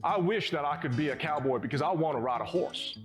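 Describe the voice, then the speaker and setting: A man putting on a deliberately bad, exaggerated Texan cowboy accent for a laugh. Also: medium pitch, sing-song, fairly bright tone, soft background music. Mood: playful.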